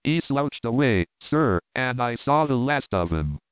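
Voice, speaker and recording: A man voicing a rough country ostler who drawls in rustic dialect and drops his g's. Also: mid-range voice, very animated, unhurried, no echo. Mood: plain. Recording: dry, narrow phone-like sound.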